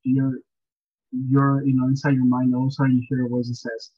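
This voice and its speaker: A man's voice: mid-range voice, a little fast, a little mellow, husky, no room sound, lo-fi sound. A man guesting on a podcast, chatting casually about a movie in a rambling way, often saying "you know.". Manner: rambling, repeats words and restarts, says "you know" often. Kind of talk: casual movie review chat.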